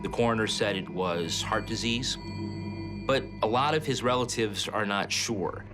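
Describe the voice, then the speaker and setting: A male journalist recounts a case in a plain, matter-of-fact way. His voice sits a little low. Music plays beneath the interview. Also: normal speed. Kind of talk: documentary interview. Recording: music bed under the voice.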